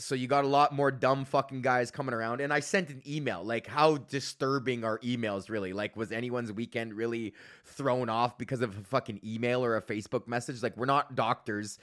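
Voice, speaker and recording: Ranting young man. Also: mid-range voice. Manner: animated, swearing, mocking quoted people. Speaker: podcast host. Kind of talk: casual profane rant.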